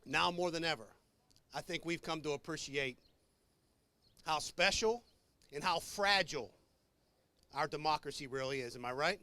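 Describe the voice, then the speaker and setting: A man's voice: on the high side, moderate pace, pauses often, bright, forceful tone, no echo. A man speaking for labor at an outdoor rally, ad-libbing an earnest speech to the crowd. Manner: earnest, addresses crowd as brothers and sisters. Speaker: labor leader.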